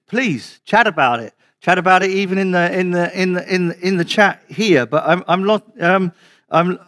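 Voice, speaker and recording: A man preaching to his church over a video call, repeating and restarting words and slowing down to stress key questions. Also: a little high, a bit bright. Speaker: pastor.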